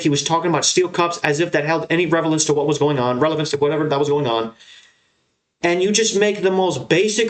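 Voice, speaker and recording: Young man, slightly high voice, blunt profane rant, solo recap host. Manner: blunt, profane, heated ranting. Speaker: MMA show host.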